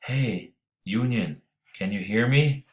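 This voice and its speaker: A ragged young Southern rebel soldier boy, as a man reads him aloud calls across in a soft, low drawl. His easygoing voice sits a little higher than a man's usual deep tone, with an audiobook feel. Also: slow. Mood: calling out.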